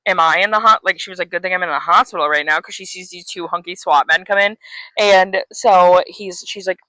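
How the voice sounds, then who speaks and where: A woman's voice: fairly low pitch, fairly even intonation, fairly quick, bright, forceful tone, no room sound. A woman co-hosting a casual podcast, retelling a story in a rush of "like" and swear words. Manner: breathless retelling full of "like", swears freely. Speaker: podcast co-host. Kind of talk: casual chat.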